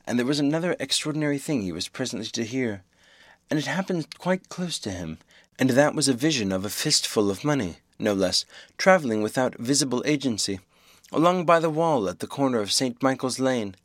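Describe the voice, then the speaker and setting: A man reading a novel aloud as the audiobook narrator, in a measured, even way. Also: mid-range voice, no room sound, studio quality. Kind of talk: scripted narration.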